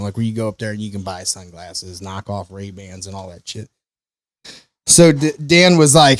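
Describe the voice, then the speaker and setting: A man's voice: fairly low pitch, no echo. A man from St. Louis telling stories as a podcast guest in casual chat, acting out other people's voices and swearing casually. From St. Louis, USA. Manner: animated storyteller, acts out quoted voices, laughs often, swears casually.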